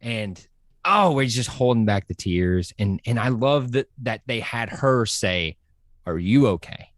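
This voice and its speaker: A man chatting excitedly on a podcast, full of enthusiasm and rushing from point to point with many fillers. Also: medium pitch, dry recording, clean studio sound. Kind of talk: casual podcast chat.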